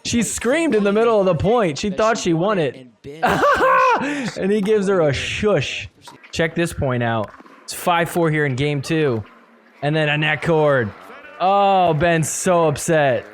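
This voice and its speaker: A man's voice: a little high, sing-song, takes it slowly. A man hosting a podcast, giving casual commentary over match clips, laughing often and mock-quoting the players.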